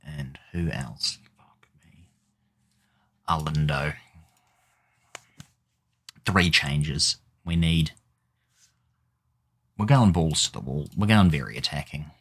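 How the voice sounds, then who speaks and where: A man's voice: rumbling low, slow, pauses often, breathy edge. A man giving casual gameplay commentary, exasperated and swearing as he mutters at the game. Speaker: gaming YouTuber.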